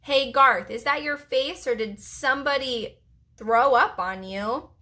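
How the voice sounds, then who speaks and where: A woman's voice: sits high, a little slow, bright, forceful tone. A woman reading aloud, voicing a bratty schoolboy bully who taunts and then shrieks in panic. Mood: taunting.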